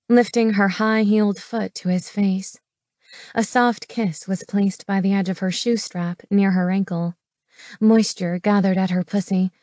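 A woman narrating a romance audiobook in a measured, intimate reading from a studio booth on a close mic. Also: medium pitch, dark tone, dry recording.

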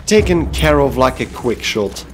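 A man's voice: mid-range voice, very animated, a little slow, soft background music. A man from Belgium hosting a let's play, chatting casually and making wry asides to viewers. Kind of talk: casual gameplay commentary.

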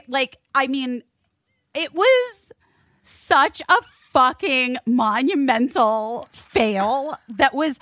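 A woman's voice: high-pitched, drawn-out words, dry recording, studio quality. A woman hosting a podcast, telling a story in casual chat with lots of swearing and filler words. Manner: animated, swears, many "like" fillers. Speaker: podcast host.

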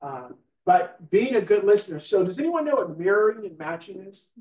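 Man, high-pitched, training class, chatty, keeps checking in with the room, echoey room, distant mic. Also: big pitch swings, fairly quick, darkish tone. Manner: conversational, asks the room questions, repeats "right?". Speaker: real estate trainer. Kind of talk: live classroom training talk. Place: training room with a live audience.

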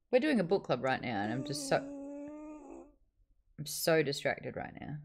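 A woman with a somewhat low voice hosts a relaxed book club livestream from home. She chats loosely and laughs easily, and slips into high, cooing baby-talk whenever she speaks to her dog. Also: moderate pace, pauses often, a little hiss or hum. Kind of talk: casual livestream chat.

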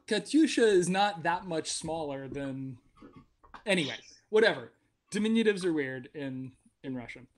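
A man from Virginia narrating as game master of a tabletop game, rambling and self-mocking. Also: on the high side.

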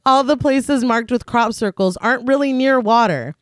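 A woman's voice: fairly high pitch, moderate pace, dry recording, clean studio sound. A woman co-hosting a podcast, recapping a film plot in a casual way and often breaking into laughter. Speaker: podcast co-host.

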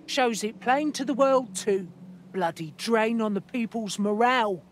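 A woman's voice: on the high side, unhurried, slight background noise, close to an everyday voice. A woman voicing a blunt, foul-mouthed London resistance contact in a game briefing, with a London accent. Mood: scornful. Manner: blunt, sweary, slangy briefing. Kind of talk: video game mission briefing.

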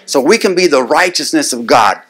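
A man's voice: fairly high pitch, lively intonation, fairly quick, fairly bright tone. A man preaching a sermon, punctuating lines with "amen?" and building into insistent, repeated declarations. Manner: call-and-response, frequent "amen?" to the congregation; builds to rising, insistent repetition.

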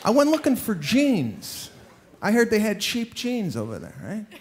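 A man's voice: sits high, moderate pace, breathy edge, a faint crowd. A man doing a stand-up comedy routine, telling exasperated stories and acting out the people in them. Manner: exasperated, animated storytelling with acted-out impressions. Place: stage before a live audience.

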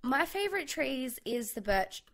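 A young Australian woman gives chatty gameplay commentary into a desk mic at home. Her voice sits high and bright, with a gravelly fry under the words. She rambles cheerfully and talks her thoughts aloud. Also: very animated, measured pace. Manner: chatty and bubbly, thinking aloud with fillers. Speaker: gaming channel host. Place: home bedroom. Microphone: USB condenser mic.

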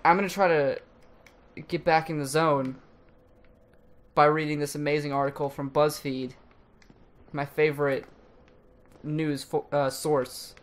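A woman's voice: low-pitched, fairly even intonation, measured pace, long pauses. A woman co-hosting a casual gaming show, reading aloud with sarcastic mock enthusiasm. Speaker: co-host.

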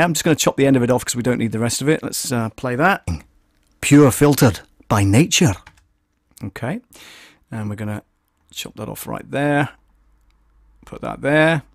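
Narrating each step as he goes, a male audio producer runs a casual tutorial stream, thinking aloud with lots of fillers and restarts. His pitch is an ordinary middle range. The recording is dry, with almost no room echo.

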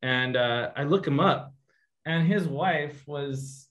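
A man's voice: on the high side, takes it slowly, highs cut off. A man, a guest artist, casually telling a story to an online audience and acting out the voices in it. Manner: animated anecdote teller, acts out voices in quotes. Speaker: guest artist giving a painting demo.

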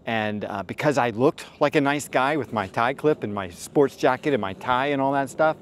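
A middle-aged man talks through his advice in a loose, unscripted monologue, his voice sitting at an ordinary middle pitch. He rambles and circles back with plenty of fillers, and he drops blunt, profane asides along the way. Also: normal speed, a little hiss or hum. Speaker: dating advice host. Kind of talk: casual storytelling monologue.

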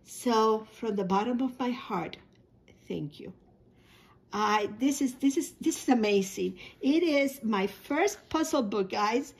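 A woman's voice: fairly high pitch, expressive, slow pace. A woman hosting her own video channel, talking casually and emotionally to her viewers, full of thanks and frequent restarts. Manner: emotional, grateful, many restarts and repeated words. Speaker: YouTube channel host.

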